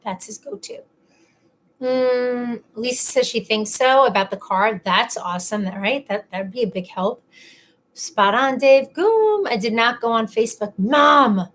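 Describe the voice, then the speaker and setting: Young woman on a casual livestream, a bit high voice, playful and teasing, talks with her mouth full. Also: normal speed, fairly bright tone. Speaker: live stream host. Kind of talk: casual live-stream chat reading viewer comments.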